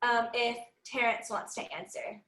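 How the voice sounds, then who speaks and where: A young woman with a high voice moderates an online panel discussion, asking questions politely and filling pauses with ums. Her sound echoes in the room. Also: steady tone, fairly bright tone.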